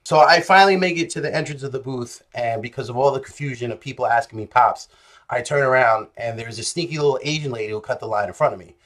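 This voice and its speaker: A young man telling a story in a casual vlog, animated and jokey, swinging between loud bursts and low mutters. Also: fast. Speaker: vlogger.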